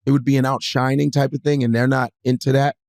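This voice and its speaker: In a dry recording, a man appearing as a comedian guest tells an animated story during casual chat, performing others' lines in varied voices and swearing without restraint. His pitch is medium and he talks fast.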